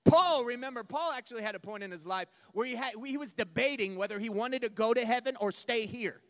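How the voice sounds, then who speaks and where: High-voiced preacher in an echoing hall. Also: male voice, fairly quick. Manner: emphatic, rising to shouts. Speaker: pastor. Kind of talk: sermon. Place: church sanctuary. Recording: long reverb of a church hall.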